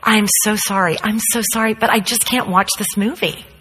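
A woman's voice: medium pitch, steady tone, moderate pace, a bit bright, slightly rough. Young girl, polite and firm, as a woman tells it. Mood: apologetic.

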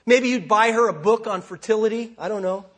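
A man's voice: high-pitched, brisk, a bit bright. A man preaching a sermon in a conversational way, asking his listeners rhetorical questions. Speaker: pastor.

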